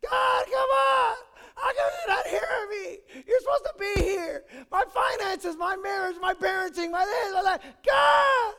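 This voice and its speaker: A man's voice: very high voice, measured pace, vocal fry, few pauses, bright, forceful tone, shouting, pitched above the performer's own voice, exaggerated voice. A man putting on the voice of a desperate person crying out and pleading with God. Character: desperate adult believer shouting at God. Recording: echoey hall.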